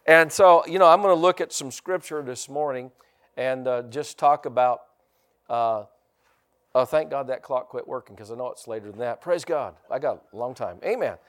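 A man preaching a sermon as pastor. He uses emphatic call-and-response, repeats phrases and slows down to stress key words. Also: medium pitch. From United States.

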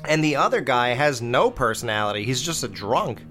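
A man's voice: medium pitch, sing-song, brisk, sharp tone, faint music behind. Blunt, rambling man reviewing a film. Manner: blunt, opinionated, rambling with fillers. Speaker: podcast host. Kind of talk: casual movie review.

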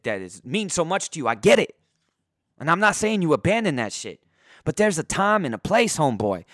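A man tears through a profane sports rant in a slightly higher voice, his throat getting hoarse. He bursts out loud, then drops to a low mutter. The sound is dry and close, with no room echo. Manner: heated, profane, swings between loud outbursts and low muttering. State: voice going hoarse. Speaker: sports podcaster. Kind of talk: profane ranting sports commentary. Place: indoors.

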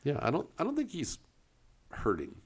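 A man's voice: a little high, huge pitch swings, normal speed, slightly rough. A man co-hosting a casual tabletop gaming podcast, rambling and hunting for words with frequent fillers. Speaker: co-host, game store staff.

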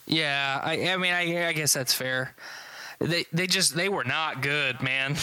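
This man's voice sits a little high and rings very bright. He talks in a loose, rambling way, swears freely and trips over his restarts as he chats. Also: unhurried, clean tone, poor audio. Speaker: concertgoer recapping a show. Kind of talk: casual chat.

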